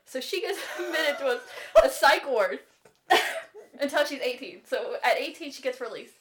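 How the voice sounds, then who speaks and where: A woman co-hosting a podcast, casually retelling book plots in an animated, chatty way, full of "like" and casual swearing. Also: on the high side, normal speed. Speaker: podcast co-host. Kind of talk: casual chat about books.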